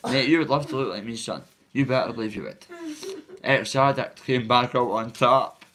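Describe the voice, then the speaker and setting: A man chatting on a live stream from a family home, talking fast and bluntly, swearing and giving shout-outs to viewers. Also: medium pitch, crowd noise. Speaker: livestreamer. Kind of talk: casual live-stream chat. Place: a family member's home, indoors.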